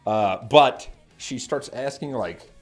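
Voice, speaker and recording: A man hosting a music reaction channel, telling an excited story to camera, laughing often and breaking into shouts. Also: mid-range voice, slow.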